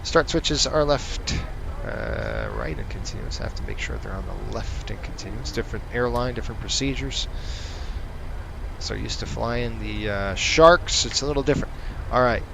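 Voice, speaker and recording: A man's voice: medium pitch, moderate pace, vocal fry, background noise. A man casually commenting on a flight simulator session, running through checklist callouts and ranting sarcastically between them. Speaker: flight sim streamer.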